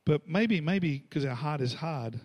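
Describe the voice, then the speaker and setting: A man's voice: on the high side, expressive, a little slow, darkish tone. A middle-aged Australian man preaching a storytelling sermon, acting out the voices he quotes and laughing between lines. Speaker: pastor.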